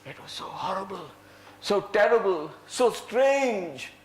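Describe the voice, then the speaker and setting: A man telling a folk tale to a live audience with dramatic flair, swinging between loud and soft and leading the listeners in acting it out. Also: high-pitched, slow. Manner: dramatic, lively, shifts loud and soft, acts out lines; leads the audience in play. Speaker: storyteller. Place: indoor venue before a live audience. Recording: echoey room.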